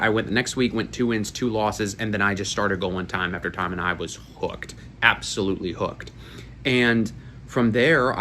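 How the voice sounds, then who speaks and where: A man's voice: fairly low pitch, a bit bright, slight background noise. A man in his twenties from Florida, telling rambling, profane stories in a casual chat. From Florida, USA. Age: 20s. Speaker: YouTuber. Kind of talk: casual storytelling to camera.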